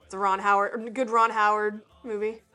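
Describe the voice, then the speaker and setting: A woman's voice: mid-range voice, flat delivery, normal speed, pushed and bright. A woman co-hosting a casual conversation, talking freely with fillers and frequent laughs. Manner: chatty, laughs often, hesitant fillers. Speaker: podcast co-host. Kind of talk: casual chat.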